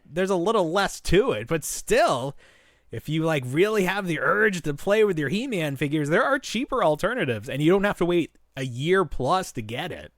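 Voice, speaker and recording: A man's voice: a little high, moderate pace, no room sound, clean studio sound. A man co-hosting a podcast, chatting casually and joking. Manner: animated, jokey, riffing. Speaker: podcast co-host. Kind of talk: casual chat.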